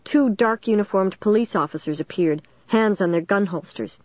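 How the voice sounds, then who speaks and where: Woman, audiobook narrator, first-person story, measured, dry close sound. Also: mid-range voice, a little mellow, no echo, lo-fi sound.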